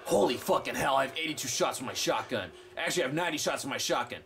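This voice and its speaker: Excitable profane man narrating his gameplay. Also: medium pitch, fast talker, gravelly, hardly any pauses, a little hiss or hum. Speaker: gameplay streamer. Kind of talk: let's play commentary.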